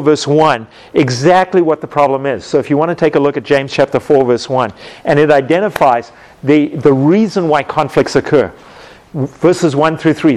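A man teaching a Bible class, telling everyday stories with lively acted-out moments and questions to his students. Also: on the high side. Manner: animated storytelling, acts out scenes with sound effects.

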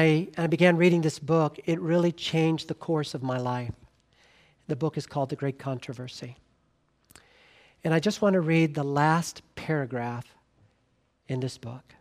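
Earnest male preacher, soft closing appeals. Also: on the high side. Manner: earnest, swings from loud emphasis to soft quiet appeals. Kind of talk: sermon.

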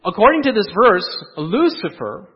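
A man preaching a sermon in a church, asking the congregation rhetorical questions and moving between quiet asides and raised emphasis. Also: high voice, big pitch swings, moderate pace, husky, muffled recording. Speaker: pastor. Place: church sanctuary.

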